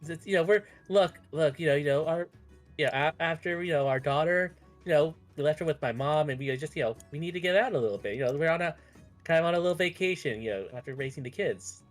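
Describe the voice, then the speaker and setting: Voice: mid-range voice, fast talker, soft background music, close to an everyday voice. A game master voicing a chatty married woman on a couples' getaway, rambling and full of fillers like "you know". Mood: bubbly, rambling. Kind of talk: tabletop role-play character voice.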